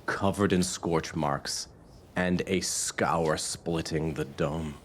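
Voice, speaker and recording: A man narrating a tabletop game as game master, calm and measured in his descriptions. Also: rumbling low, slight background noise.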